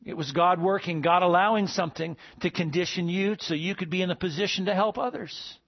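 A man's voice: high-pitched, brisk, dull audio. A man preaching a sermon as pastor, calling out to the congregation with asides. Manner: preaching with call-and-response asides.

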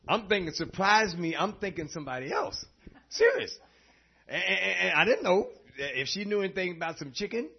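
A man preaching a sermon, telling stories in an animated way and laughing often. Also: sits high, creaky, breathy edge. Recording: dull lo-fi recording.

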